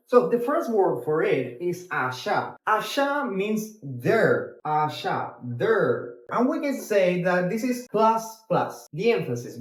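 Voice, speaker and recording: High-voiced Argentine man teaching in an echoey room. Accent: Argentine Spanish. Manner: explains slowly, repeating words, switching between English and Spanish. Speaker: Spanish teacher. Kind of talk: casual language lesson.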